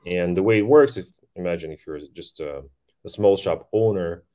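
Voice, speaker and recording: A man speaking as a guest on a podcast interview, talking quickly and eagerly with frequent restarts. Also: deep voice, warm tone. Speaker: podcast guest, voice-tech company founder.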